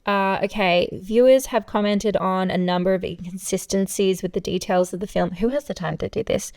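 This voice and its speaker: A woman's voice: medium pitch, fairly even intonation, normal speed, darkish tone. A woman co-hosting a podcast in casual chat, wry and sarcastic, musing through tangents with fillers. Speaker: podcast co-host.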